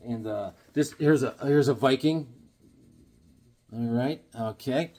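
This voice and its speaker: A comics collector with a mid-range, slightly mellow voice chats slowly to camera while showing his comics and sketches. He rambles in an easygoing way, dropping chuckling asides.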